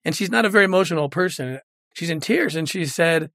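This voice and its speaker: Middle-aged man, ex-agent interview guest, earnest and emotional, slightly high voice, dry close mic. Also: expressive, fast talker, vocal fry, pushed and bright, no room sound. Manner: earnest, emotional, retells quoted dialogue. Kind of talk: candid interview storytelling.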